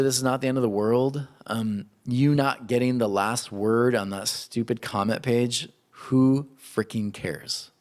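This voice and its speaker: Guy giving a sermon, chatty and animated, middle pitch. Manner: animated, conversational preaching. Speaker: pastor.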